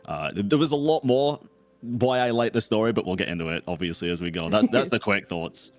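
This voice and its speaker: A man's voice: fairly low pitch, brisk, no room sound. A man, a podcast guest, talking eagerly and rambling with many restarts. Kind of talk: casual podcast chat.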